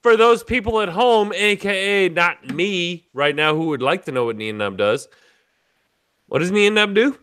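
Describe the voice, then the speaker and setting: A man's voice: high-pitched, lively intonation, normal speed, fairly bright tone, clear, resonant tone, no echo, studio quality. A man hosting a casual livestream chat, boisterous and tipsy, swearing and laughing as he talks. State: tipsy from drinking. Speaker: podcast host.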